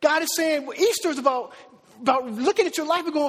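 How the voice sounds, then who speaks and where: A fast-talking pastor with an extremely high, somewhat bright voice addresses his congregation in a church sanctuary. His conversational sermon leans on rhetorical questions, and the room sounds large and open.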